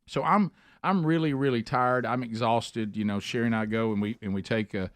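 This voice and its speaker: A man's voice: mid-range voice, no echo. Man hosting morning radio. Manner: halting, many fillers and restarts, acts out home scenes. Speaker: radio show host. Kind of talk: casual morning radio chat. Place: radio studio. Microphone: studio microphone.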